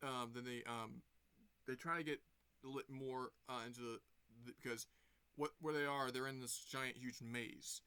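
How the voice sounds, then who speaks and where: A man's voice: medium pitch, steady tone, normal speed, bright, forceful tone, clean tone, no room sound. A man casually retelling a movie plot for a review vlog, rambling with lots of fillers and restarts.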